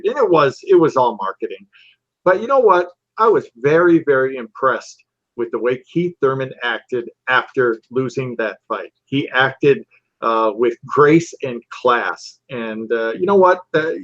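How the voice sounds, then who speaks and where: A man hosting a relaxed boxing recap show, talking in an easygoing way with lots of fillers. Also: mid-range voice, no room sound. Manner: easygoing, filler-heavy, agreeable. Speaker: podcast host. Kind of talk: casual boxing recap chat. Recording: dull dry lo-fi sound.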